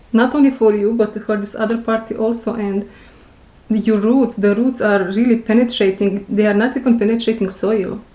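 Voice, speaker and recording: Non-native english woman doing a slow intuitive reading for viewers, repeats herself a lot, roomy echo on the mic. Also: medium pitch, dark tone. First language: not English. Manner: slow, repeats phrases, searches for words. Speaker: intuitive reader.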